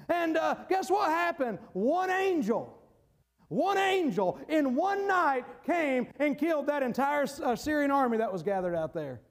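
A man preaching a sermon, emphatic, laughing between points and rising to shouts. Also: very high voice, big pitch swings, unhurried.

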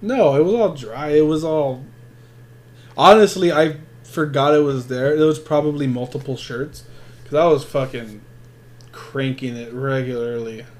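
A man in loose, crude conversation, spinning everyday stories with a steady mid-range voice. He swears nearly every sentence and trips over his own restarts as he goes. His tone stays plain and unpolished. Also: medium pitch, measured pace. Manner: profane, rambling, restarts a lot. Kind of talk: crude casual storytelling chat.

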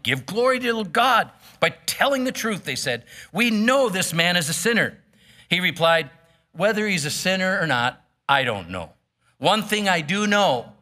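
A man's voice: a little high, sharp tone. A man preaching a sermon, reading scripture aloud and then explaining it in a plain, casual way with frequent fillers. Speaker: pastor.

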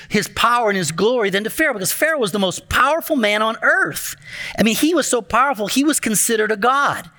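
Animated pastor telling a Bible story. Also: male voice, high-pitched. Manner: animated, acts out the story voices, talks to the children. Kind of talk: sermon storytelling.

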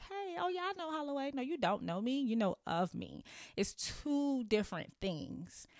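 Podcast host, woman, 30s, lower register, playful confessional storytelling, dry mic. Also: no room sound. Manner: candid, playful, laughs often. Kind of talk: casual storytelling monologue.

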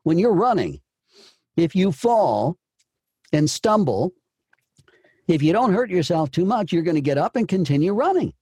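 Man, voice acting coach, slightly high voice, warm mellow tone, emphatic, repeats himself. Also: big pitch swings, moderate pace, pauses often, husky, no room sound, clean studio sound. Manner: emphatic, repeats and restarts phrases. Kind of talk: coaching session.

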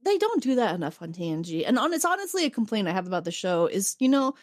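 Talking fast in a mid-range voice, this podcast co-host casually recaps a TV episode over a dry, clean studio recording. She tells it animatedly, performing the characters' lines and laughing frequently.

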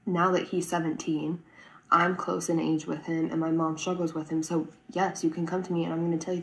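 A woman's voice: on the low side, low-quality recording. A woman in her twenties talking earnestly to camera in a personal vlog, rambling, with frequent "like" and "right?". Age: 20s. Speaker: vlogger.

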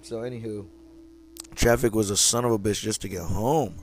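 A man's voice: fairly low pitch, moderate pace. A young man from California hosting a casual solo podcast, talking in a laid-back, slangy and profane way. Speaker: podcast host.

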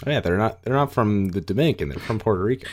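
A man's voice: on the low side, lively intonation, quick pace. A man in casual podcast chat, laid-back and agreeable, often chuckling.

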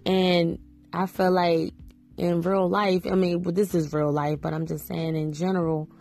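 A woman podcast host talks through a reality show episode in a loose, rambling way, leaning on "you know" again and again. Her voice sits low with a gravelly fry. Faint music plays under her. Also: flat delivery, a little slow, darkish tone. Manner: chatty, many "you know" fillers. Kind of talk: casual commentary on a reality show.

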